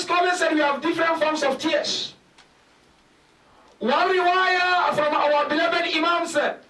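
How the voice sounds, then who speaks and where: A man preaching a sermon in a large mosque hall, emphatic and rising to shouted peaks, counting out his points and asking rhetorical questions. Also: very high-pitched. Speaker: sheikh giving a lecture. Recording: echoey hall, speaker far from mic.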